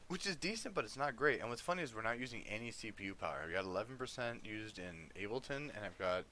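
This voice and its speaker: A man's voice: fairly low pitch, expressive, fast, bright, forceful tone, slight background noise. A male livestreamer chatting casually, easygoing, coaxing and scolding his dog between music talk.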